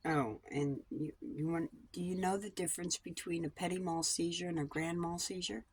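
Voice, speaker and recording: A woman's voice: lowish voice, steady tone, moderate pace, slightly rough. A woman vlogger talking in a rambling personal monologue about coping, blunt and digressive, swearing freely.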